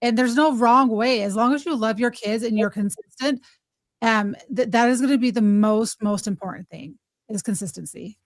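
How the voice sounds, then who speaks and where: A woman guest talks earnestly in a casual chat, handing out advice and often restarting her sentences. Her voice sits somewhat high. The recording is dry and close. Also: normal speed, no echo. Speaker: podcast guest.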